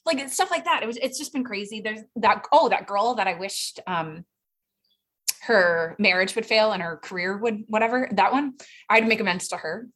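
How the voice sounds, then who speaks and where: A woman's voice: mid-range voice, moderate pace. Chatty woman telling her recovery story. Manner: chatty and animated, quotes others in raised voices, frequent fillers. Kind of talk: casual personal storytelling.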